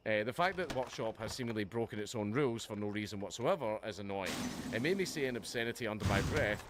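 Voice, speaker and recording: A livestream host delivering a heated, profane, sarcastic reaction rant. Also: male voice, on the low side, lively intonation, fast. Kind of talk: ranting reaction commentary. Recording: noticeable background noise.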